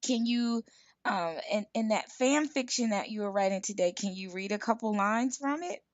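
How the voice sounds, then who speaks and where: A woman's voice: mid-range voice, moderate pace, no echo. A woman podcast host interviewing a guest, playful and teasing as she coaxes her along. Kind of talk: casual interview.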